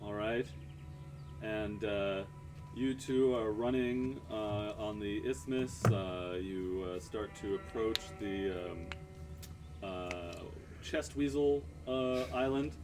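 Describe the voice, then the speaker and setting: An unhurried man running a tabletop game pauses often on fillers as he narrates, and his voice sits at an ordinary pitch. Music plays steadily behind him. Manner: unhurried, hesitant with many fillers. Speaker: game master.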